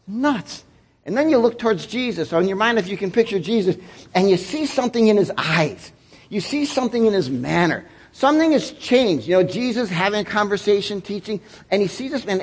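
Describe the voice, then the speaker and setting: A man pastor giving a sermon, telling the story in an animated way and acting out voices, with casual slang. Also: high-pitched, normal speed, husky.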